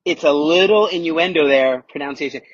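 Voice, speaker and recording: Man, podcast guest, emphatic, repeats key words, husky, lo-fi remote line. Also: fairly high pitch, fairly quick, no echo. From United States. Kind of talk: casual interview talk.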